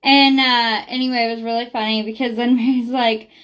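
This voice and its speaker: A woman's voice: on the high side, little pitch movement, brisk, a bit bright, clear, resonant tone. A young woman talking casually in a vlog, rambling with lots of ums and likes. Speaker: beauty product reviewer.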